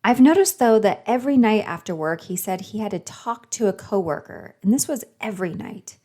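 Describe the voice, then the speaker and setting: A woman on a podcast, reading a story recap in an even tone and chiming in with blunt, supportive comments. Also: medium pitch, a little fast. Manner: reads recap narration evenly, then reacts with laughter and blunt agreement. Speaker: podcast host. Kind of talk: podcast narration and chat.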